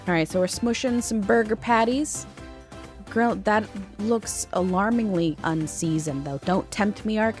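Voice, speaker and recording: A woman's voice: medium pitch, a little slow, soft background music. A woman streaming live, chatting casually and joking about herself while reacting to a cooking video. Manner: playful, self-joking, chatty asides to chat. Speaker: VTuber streamer.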